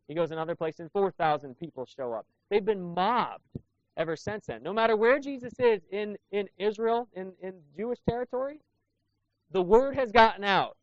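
A man with a high voice preaches as pastor, keeping his sermon conversational and asking the congregation rhetorical questions. No room sound is audible, and the recording has a dull, lo-fi quality.

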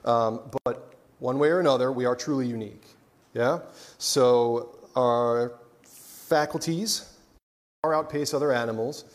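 A male pastor gives a relaxed, joking sermon at a middle pitch. He talks as if he were chatting with friends and drops "right?" after almost every point. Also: unhurried. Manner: conversational, keeps asking "right?"; joking asides, restarts. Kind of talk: casual sermon.

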